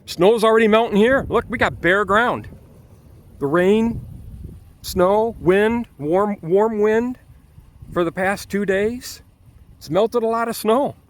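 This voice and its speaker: A man's voice: sits high, slow pace, pauses often. A man ranting outdoors in a vlog with an angry, exasperated manner and frequent restarts, with a Michigan accent. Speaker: vlogger.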